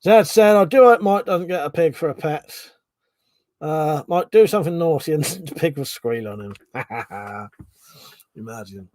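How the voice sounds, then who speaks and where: A man's voice: on the high side, animated, measured pace, darkish tone, no room sound. A man from Buckinghamshire, hosting a livestream in casual chat, reading out viewer comments, laughing often and swearing freely. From Buckinghamshire, England. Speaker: livestream host.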